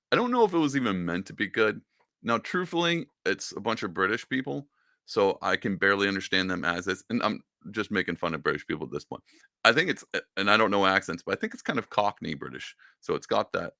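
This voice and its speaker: A man's voice: on the low side, gravelly, pushed and bright, dry recording, clean studio sound. A young man talking casually about movies, rambling and joking, often cutting himself off mid-sentence. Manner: rambling, self-interrupting, joking. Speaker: movie reviewer.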